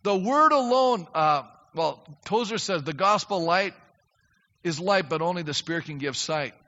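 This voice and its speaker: An older male pastor delivers an earnest, emphatic sermon, his voice high for a man and bright. The sound is dull and lo-fi, with long reverb rolling around the hall. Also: lively intonation, moderate pace. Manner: earnest, emphatic preaching that rises to fervent prayer. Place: church sanctuary.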